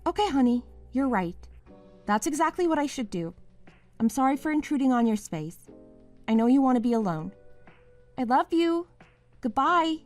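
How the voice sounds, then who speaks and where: A woman playing an emotional high-voiced wife. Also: very animated, normal speed, long pauses, faint music behind. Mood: pleading. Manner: emotional, pleading then accusing. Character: upset young wife confronting her partner. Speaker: partner. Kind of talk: dramatized story dialogue.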